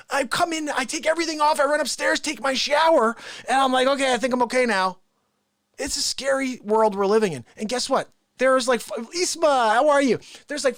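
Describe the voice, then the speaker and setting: A man hosting a live, unscripted stream from home, talking excitedly to his viewers. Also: extremely high pitch, dry recording, studio quality. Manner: animated, excitable, chatty with viewers. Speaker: live show host.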